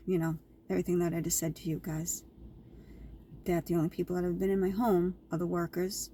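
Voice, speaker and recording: A woman's voice: fairly low pitch, darkish tone, breathy edge. A woman vlogger casually telling her viewers a story, chatty and repetitive, with an indignant edge.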